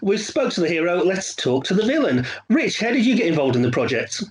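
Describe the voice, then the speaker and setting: A man's voice: high-pitched, very animated, a little fast, a crowd in the background. A man hosting a casual video call catch-up, cheery and teasing. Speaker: interviewer.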